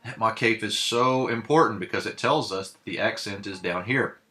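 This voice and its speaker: A male teacher talks through a recorded grammar lesson in a somewhat low voice with a bright, forward edge. He pauses often and fills gaps with ums and uhs, but his manner stays patient and steady. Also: soft background music. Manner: halting, many fillers, patient.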